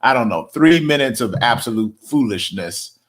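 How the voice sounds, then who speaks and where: A man hosting a devotional show, preaching casually and emphatically, repeating phrases for weight and using relaxed slang. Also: medium pitch, moderate pace. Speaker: host and preacher.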